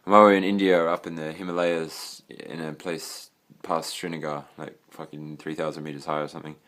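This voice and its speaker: A man's voice: very deep voice, level tone, a little fast, a bit bright. A young Australian man giving a casual, rambling tour of his bedroom, swearing freely and trailing off into fillers. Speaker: vlogger. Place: own bedroom.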